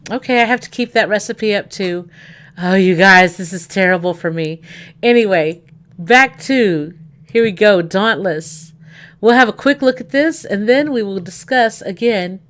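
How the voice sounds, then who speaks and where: A woman hosting a livestream in casual chat, rambling and thinking out loud with plenty of fillers. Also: mid-range voice, measured pace. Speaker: livestream host.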